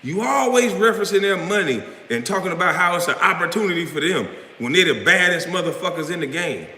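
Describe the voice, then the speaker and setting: A man's voice: sits high, animated, fast, bright, forceful tone, echoey room, in a large hall, poor audio. A man hosting a live stream, delivering a profane, confrontational rant. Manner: profane, confrontational, trash-talking.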